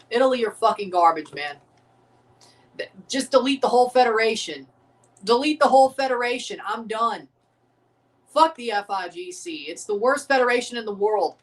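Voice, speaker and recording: A man's voice: sits high, fairly bright tone, far from the mic. A man hosting a live sports watchalong, ranting profanely and repeating himself. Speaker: livestream watchalong host. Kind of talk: live sports reaction rant. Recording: voice a bit off the mic.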